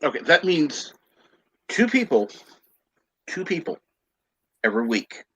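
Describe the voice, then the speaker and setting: A man's voice: on the high side, very animated, measured pace, fairly bright tone, husky, low-quality recording. A man chatting as a guest on a casual live stream, cutting in with short remarks.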